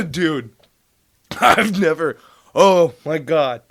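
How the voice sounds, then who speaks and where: Man, podcast storyteller; profane, animated, does the voices. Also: fairly high pitch, drawn-out words, breathy edge. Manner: profane, animated, acts out dialogue. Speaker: podcast guest telling military stories. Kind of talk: casual storytelling.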